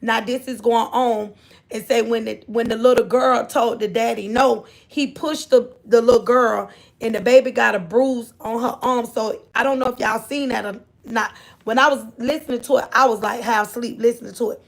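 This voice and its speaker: A woman with a fairly high, gravelly voice hosts a casual livestream. She talks loosely and repeats herself, stopping often to greet the people in her chat. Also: steady tone, normal speed. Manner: rambling, repeats herself, chats with viewers. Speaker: livestream host.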